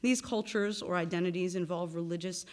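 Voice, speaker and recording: A woman with a slightly low voice delivers a formal university lecture, reading from a prepared academic text. She speaks in a measured, deliberate way and now and then stops to correct herself. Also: steady tone, darkish tone. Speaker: visiting lecturer and research associate.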